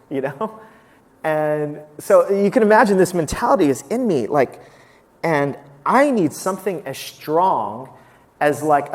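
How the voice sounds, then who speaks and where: A man in his forties, a pastor giving a candid, conversational sermon with self-deprecating humor. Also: on the high side. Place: church sanctuary. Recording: long hall reverb.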